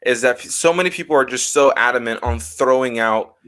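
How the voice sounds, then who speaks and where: A young man in casual chat, telling stories with lively acted-out reactions from friends. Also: mid-range voice, brisk, smooth. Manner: animated storyteller, acts out quoted reactions. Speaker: guest.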